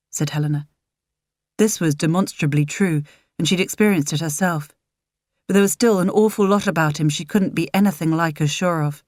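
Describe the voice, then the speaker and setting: Woman, audiobook narrator, measured, low voice, dry close sound. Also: darkish tone, no room sound.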